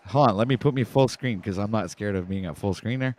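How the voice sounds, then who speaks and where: A man's voice: lowish voice, fast talker, darkish tone. A man from Canada with a French Canadian accent hosting a casual livestream talk show, stumbling over his words and joking about himself. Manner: stumbling, self-mocking, often restarts words.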